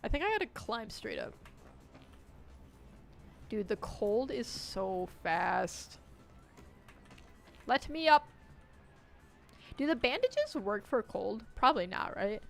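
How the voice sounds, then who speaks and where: A woman streaming a game live, chatting and joking with viewers and shouting out loud when things go wrong. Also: mid-range voice, big pitch swings, slow, gravelly, long pauses, faint music behind. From United States. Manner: jokey, reacts loudly with sudden shouts. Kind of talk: live gameplay commentary.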